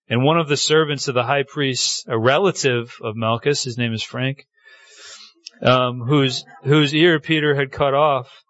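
A man's voice: normal speed, no echo, dull audio. A man preaching a sermon, telling the story with feeling and acting out the quoted lines. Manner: animated storytelling, acting out quotes with pitch swings. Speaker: pastor.

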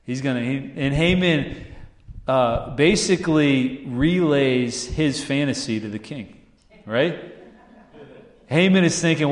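Pastor, man, animated storyteller with rhetorical questions, roomy church sound. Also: mid-range voice, takes it slowly. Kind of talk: sermon. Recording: echoey room.

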